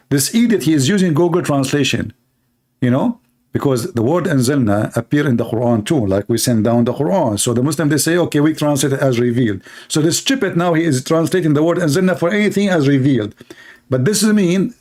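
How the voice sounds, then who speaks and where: A man's voice: fairly high pitch, expressive, fast talker, darkish tone. Mocking male commentator, non-native English. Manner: mocking, sarcastic. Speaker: online commentator. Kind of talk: screen-reading commentary.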